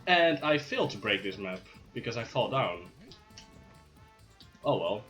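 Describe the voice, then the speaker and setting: Animated speedrunner man over game music. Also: lowish voice, a little slow. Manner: playful, hyped, jokey asides. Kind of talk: live speedrun commentary.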